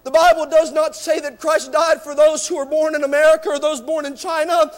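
A man preaching a fervent sermon to a church, often shouting and repeating rhetorical questions to his congregation. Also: very high voice, flat delivery, fairly quick.

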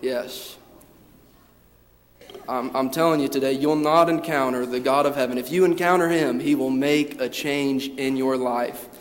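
A man's voice: mid-range voice, unhurried, a little hiss or hum. Fervent preacher man in a reverberant hall. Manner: builds from calm reading to fervent, loud preaching; repeats words and restarts phrases. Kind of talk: sermon.

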